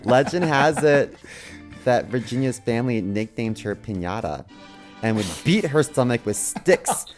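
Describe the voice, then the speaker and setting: Laid-back podcast guy, lively up-and-down voice, reads a goofy bedtime-style story, faint music. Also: medium pitch, unhurried. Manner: laid-back and giggly, reads with playful mock-storybook delivery. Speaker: podcast co-host. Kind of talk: comedic podcast banter and reading a story aloud.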